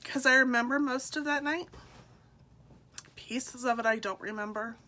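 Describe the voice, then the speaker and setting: A middle-aged woman, a mother, telling her personal story in an emotional, halting way with soft laughs between lines. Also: on the high side. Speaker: speaker sharing her story. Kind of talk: personal testimonial talk.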